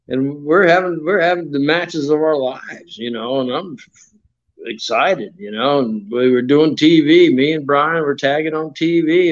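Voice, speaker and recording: An older man with a slightly high voice, heard through dull audio, tells shoot-interview stories as a retired pro wrestler and interview guest. He rambles in a folksy way, uses many fillers, and voices the people he quotes.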